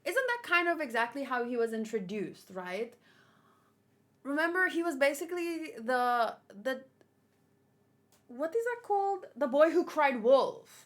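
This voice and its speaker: A woman with a high voice talks slowly through a manga chapter as a read-along host. Her commentary is casual and playful, slipping into sarcastic asides. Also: sing-song, fairly bright tone.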